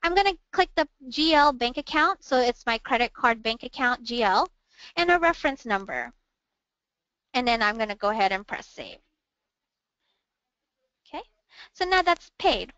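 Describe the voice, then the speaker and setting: A woman walking viewers through a software demo step by step, calmly narrating each click in a webinar. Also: a little high, moderate pace, long pauses, no echo. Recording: dull, dry, lo-fi webinar audio.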